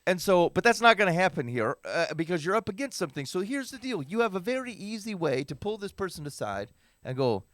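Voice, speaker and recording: A man's voice: high voice, sing-song, brisk, a bit bright, dry recording, clean studio sound. A man co-hosting a podcast in casual chat, wry and joking, often restarting his sentences. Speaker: podcast co-host.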